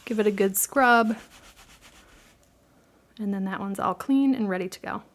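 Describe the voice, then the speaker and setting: A middle-aged woman with a Midwestern accent speaks in a mid-range voice at a measured pace as she leads a live craft tutorial. She chats amiably with viewers, laughs easily, and answers what they ask.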